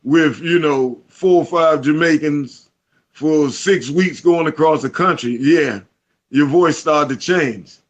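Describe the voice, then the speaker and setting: A reggae artist from Washington D C, speaking with a Southeast DC accent, tells stories as an interview guest in casual conversation. He's an animated storyteller who acts out what people said, and his fairly high voice moves slowly, with the highs cut off in the recording.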